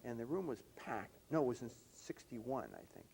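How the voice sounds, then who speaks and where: An older man interviewing a colleague, telling anecdotes in an animated, reminiscing way. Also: medium pitch, moderate pace, gravelly, a little hiss or hum. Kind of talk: reminiscing conversation.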